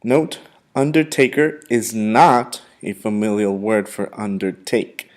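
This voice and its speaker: A male English teacher giving a vocabulary lesson, who repeats words and pronounces them slowly and with emphasis. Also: lowish voice.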